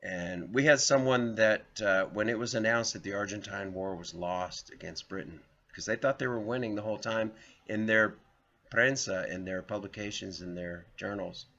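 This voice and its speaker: His voice fairly low-pitched and fairly bright at normal speed, this video host from the Southern United States reads an article aloud. He keeps wandering into rambling personal stories and chuckling, all captured in dull lo-fi sound.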